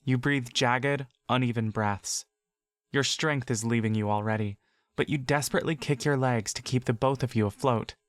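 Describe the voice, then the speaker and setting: A man narrating a fantasy audio story in the second person, with slow, measured intensity. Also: medium pitch, steady tone, no room sound, clean studio sound.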